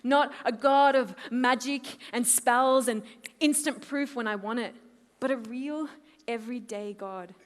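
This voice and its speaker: A woman in her twenties with an Australian accent, a conference speaker giving a lively testimony talk and acting out her own quotes. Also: fairly high pitch, a little slow. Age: 20s. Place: large hall. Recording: long hall reverb.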